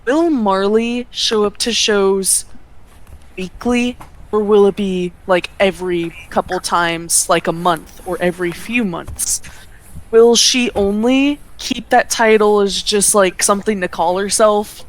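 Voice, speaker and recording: A woman wrestler talks through her answers at an ordinary pitch in a casual sit-down interview. She is earnest and measured, and stretches out key words when she wants to make a point.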